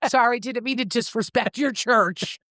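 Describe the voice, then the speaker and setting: A woman co-hosting a casual podcast, recapping a novel with lively storytelling and freely swearing. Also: a little high, normal speed, dry recording, clean studio sound. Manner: animated storytelling, acts out characters' lines in shifting voices, swears freely. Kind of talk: casual book recap chat.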